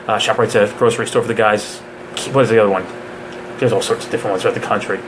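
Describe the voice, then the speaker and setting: A man's voice: mid-range voice, racing, a bit bright, slight background noise. A man who trains police officers, giving a casual live question-and-answer session with jokes and digressions.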